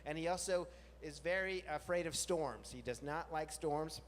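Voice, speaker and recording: A man hosting a live storytelling night, chatty and self-mocking, jumping into silly high voices when he quotes himself. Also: moderate pace. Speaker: host. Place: large music venue with live audience. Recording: long venue reverb, faint room noise.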